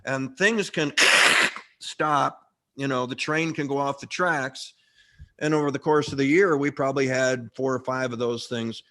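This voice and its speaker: With a medium pitch and a measured pace, this middle-aged actor shares anecdotes as an interview guest. His relaxed storytelling meanders, with many restarts along the way.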